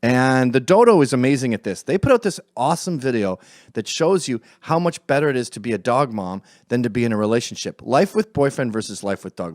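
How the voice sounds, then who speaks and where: A middle-aged man giving a sarcastic, profane opinion monologue, swinging from quiet asides to shouting. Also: medium pitch, animated, brisk, no echo, studio quality, faint music behind. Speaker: commentator.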